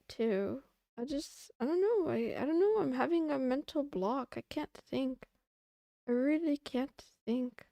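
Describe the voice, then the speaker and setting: A woman streamer chatting casually while she works, frustrated and self-deprecating, with bursts of loud protest at her chat. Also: high voice, dry recording, clean studio sound.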